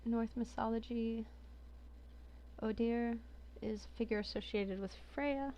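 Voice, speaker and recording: A chatty woman with a fairly high voice gives casual commentary on a game collection. She sounds amused and reads entries aloud, with her own remarks in between. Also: unhurried, dark tone, highs cut off, a little hiss or hum. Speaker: game reviewer. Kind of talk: casual commentary while browsing.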